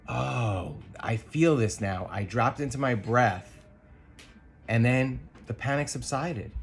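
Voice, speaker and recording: A man co-hosting a podcast, sharing a personal reflection in an earnest, thoughtful way, pausing often with ums and restarts. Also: medium pitch, gravelly, a bit bright. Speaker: podcast co-host.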